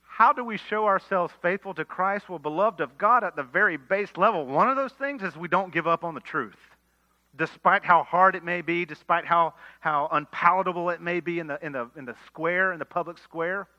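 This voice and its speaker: Male pastor preaching a sermon; very bright tone, earnest, emphatic then hushed, muffled lo-fi audio. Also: high-pitched, normal speed. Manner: earnest preaching, swells to emphatic lines and drops to quiet asides. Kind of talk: expository sermon. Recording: dull lo-fi sermon recording.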